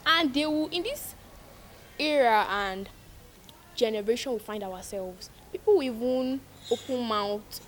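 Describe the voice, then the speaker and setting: A woman's voice: fairly high pitch, slight background noise. A young woman vlogger giving emphatic, preachy advice to her viewers, repeating lines for stress. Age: young adult. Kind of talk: casual advice monologue to viewers.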